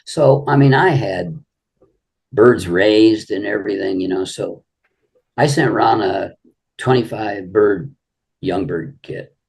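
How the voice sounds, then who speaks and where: Older male guest, gravelly and deep, easygoing storyteller who rambles. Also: slow pace, pauses often, darkish tone. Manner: rambling anecdotes full of "you know". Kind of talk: casual storytelling interview.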